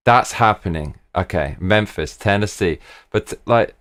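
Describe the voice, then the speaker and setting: A fairly low-voiced man hosting a relaxed live stream. His pitch leaps up and down as he talks himself through plans, excitable and full of "look, look" and "bruv". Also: unhurried, pauses often. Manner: excitable, thinking aloud, repeats 'look' and 'bruv'. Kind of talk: casual chat while planning a trip with viewers.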